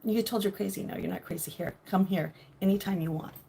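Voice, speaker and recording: A middle-aged woman chatting casually with viewers on a home livestream, laughing often and sometimes dropping to a hushed voice. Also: medium pitch, fast, gravelly, a little hiss or hum. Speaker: livestream host.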